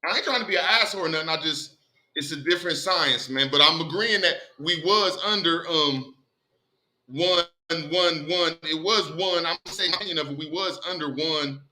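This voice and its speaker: A man with a high, very bright voice talks loudly over a group call. He is emphatic, swears freely and hammers points by repeating them. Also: normal speed, low-quality recording. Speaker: call participant, self-described language guru. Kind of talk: casual online group call discussion. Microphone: computer headset or call mic.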